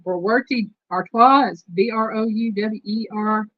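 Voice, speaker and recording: A woman's voice: medium pitch, level tone, normal speed, no room sound, dull audio. A woman with a Southern Texas accent hosting a live stream, chatting casually and reading trivia questions aloud to her viewers. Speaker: host.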